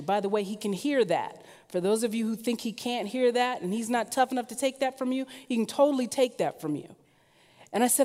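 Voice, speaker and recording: A woman preaching a sermon, telling stories with lively, rising emphasis. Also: moderate pace. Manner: lively storytelling, rising in pitch and force when emphatic. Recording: long hall reverb.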